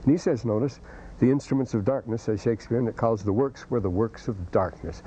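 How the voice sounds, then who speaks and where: Guy lecturing a class, mellow voice, wanders off on tangents, muffled old tape. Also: mid-range voice, fairly quick. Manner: rambling, scholarly, many restarts and asides. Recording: dull lo-fi lecture recording with faint hiss.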